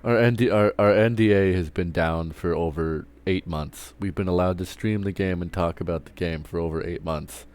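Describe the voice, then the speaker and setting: A man's voice: deep voice, moderate pace, hardly any pauses, a little mellow, clean tone. A man streaming live, ranting casually with lots of swearing and stumbling restarts. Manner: profane, rambling, restarts often. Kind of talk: casual rant while streaming.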